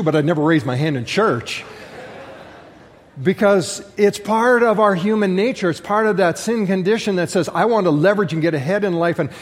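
Pastor, male, higher voice, lively preacher who jokes with the congregation, church hall reverb. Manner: animated storytelling with jokes to the congregation. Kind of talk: sermon.

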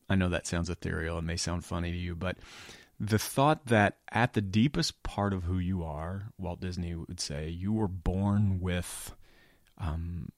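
Middle-aged man, low voice, dry close mic; earnest, halting motivational speaker who slips into near-whispers. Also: no echo. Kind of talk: reflective motivational talk.

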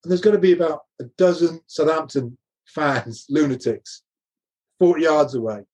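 Older english guy, husky voice a bit high, chuckles thru his stories as interview guest. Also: normal speed, darkish tone. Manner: laughs often while telling stories, restarts sentences. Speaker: interview guest, former rugby coach. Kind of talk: casual anecdotal storytelling.

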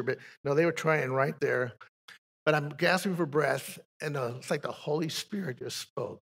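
A man's voice: fairly high pitch, normal speed, creaky, a bit bright, husky. An older man, a pastor, giving a folksy spoken testimony from the pulpit, telling stories with frequent restarts.

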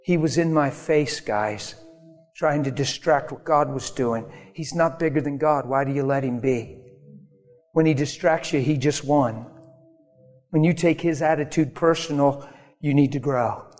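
A man preaches with a slightly high voice, telling his stories with emphasis and sudden bursts of force. His voice rings out with a long hall reverb, and faint music plays underneath. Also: a little slow, a little mellow. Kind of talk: sermon storytelling.

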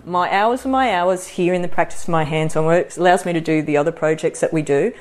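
A middle-aged woman with a slightly low voice talks in a chatty, animated way. She hosts a podcast and speaks casually to a live audience. She keeps slipping into the voices of the people she quotes. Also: quick pace. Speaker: podcast host and practitioner.

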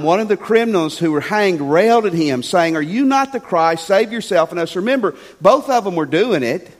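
A male pastor preaching a sermon with animated storytelling, swinging between loud and hushed. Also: high-pitched. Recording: long church hall reverb.

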